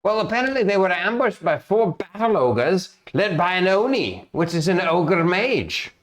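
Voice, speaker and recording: A man doing a fretful guild master in a tabletop game, his voice pushed a bit higher than the man's own and a touch louder. He rambles and stammers through his worries, circling back on himself. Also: big pitch swings, moderate pace. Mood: worried. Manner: stammering, fretful, long-winded.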